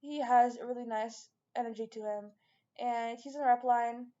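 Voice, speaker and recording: A woman's voice: on the high side, steady tone, moderate pace, mellow, lo-fi sound. A woman vlogger chatting casually and rambling, with lots of fillers and restarts. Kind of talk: casual chat to camera.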